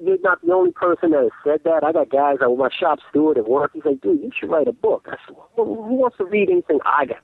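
A man on a call-in line tells animated stories and keeps stumbling over his own restarts. His voice is gravelly and lively, and it comes through a tinny, dry phone connection. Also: fairly high pitch, fast talker, few pauses, no echo. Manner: animated storyteller who restarts his sentences. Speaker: call-in guest. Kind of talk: casual phone interview. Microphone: telephone.

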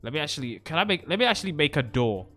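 A young man in his twenties giving jokey, excitable Minecraft let's-play commentary, jumping between loud shouts and nervous muttering. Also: fairly high pitch, racing, soft background music. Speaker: gaming YouTuber.

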